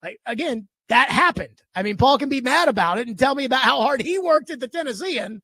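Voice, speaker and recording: Brief: male sports radio host, high voice, dry studio mic, emphatic indignant monologue. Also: a little fast, dry recording. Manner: animated, emphatic, indignant rant. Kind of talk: radio talk show monologue. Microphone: studio microphone.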